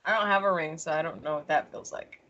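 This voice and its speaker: Bright-voiced woman podcast co-host. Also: sits low, quick pace. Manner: chatty, laughs easily, playful asides. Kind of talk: casual chat. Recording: dull lo-fi podcast audio.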